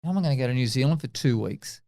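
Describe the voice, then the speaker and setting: A man in his fifties with an Australian accent, a former test cricketer telling animated stories in an interview and acting out the dialogue. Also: medium pitch, racing. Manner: animated anecdotes, acts out quoted dialogue. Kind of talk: casual interview storytelling.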